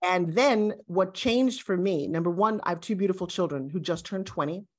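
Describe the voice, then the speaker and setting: A woman in her sixties, a guest, talking in an emphatic, animated and self-assured way in a motivational interview. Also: lowish voice, moderate pace. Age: 60s.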